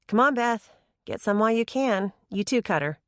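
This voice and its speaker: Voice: mid-range voice, lively intonation, moderate pace, no echo, studio quality, voice pushed up, close to an everyday voice. A narrator voicing a sweetly teasing teenage girl in an audiobook. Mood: sassy.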